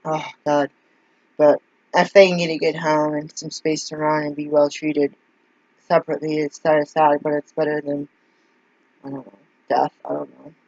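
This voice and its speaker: A woman's voice: low voice, little pitch movement, normal speed, pauses often, darkish tone, dry recording. A woman telling a meandering story in a casual vlog, full of fillers and asides. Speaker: vlogger. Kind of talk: casual rambling monologue. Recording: dull lo-fi dry recording.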